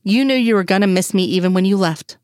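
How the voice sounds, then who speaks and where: A woman's voice: mid-range voice, a little mellow, no room sound, clean studio sound, natural voice. A woman voicing a sardonic adult male FBI agent who teases and snaps back, in a fan fiction reading. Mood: smug. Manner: teasing, quick to snap back.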